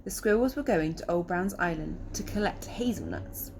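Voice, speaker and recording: A woman teacher with an English accent reading a picture book aloud to young children, pausing to explain words. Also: fairly low pitch, noisy background. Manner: slow, expressive, pauses to explain words.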